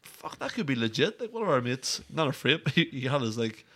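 Northern irish lad, bright voice, tells stories and does the quotes, swears a lot. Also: male voice, mid-range voice, a little fast. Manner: animated storyteller, acts out quotes, swears freely. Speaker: podcast co-host. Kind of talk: casual chat.

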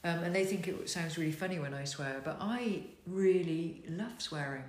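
A woman's voice: on the low side, normal speed. A middle-aged woman with a posh English accent, chatting frankly and laughing easily as a podcast co-host. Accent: posh southern English. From Netherlands. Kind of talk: casual chat. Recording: echoey room.

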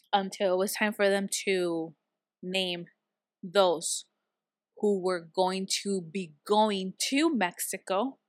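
A woman guest recounting stories in easy conversation, her voice sitting a little low. She brings the dialogue to life as she quotes it, and the recording is dry and close. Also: dry recording. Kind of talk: casual conversational storytelling.

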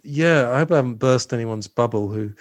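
A man's voice: medium pitch, a little fast, dry recording. A man hosting a casual film discussion, talking loosely with many fillers and restarts. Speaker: podcast host.

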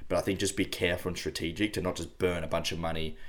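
A man, co-hosting a podcast in relaxed casual chat, often repeating words as he starts. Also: deep voice, quick pace. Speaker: podcast co-host.

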